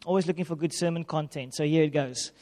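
A man, a pastor, telling a lively, self-mocking personal story in a sermon. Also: fairly high pitch, fast talker. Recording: long reverb of a hall.

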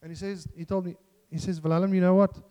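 A man's voice: high voice, level tone, quick pace, mellow, clear, resonant tone. Earnest preacher man in a reverberant hall. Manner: earnest, self-deprecating, with restarts and jokes. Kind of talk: sermon.

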